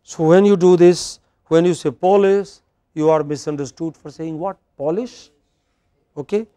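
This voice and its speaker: Brief: middle-aged Indian English lecturer, higher male voice, dry close sound, drills and quizzes the class. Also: steady tone, brisk, mellow, clean tone, dry recording. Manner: quizzing students, repeating words for drill. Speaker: English pronunciation teacher.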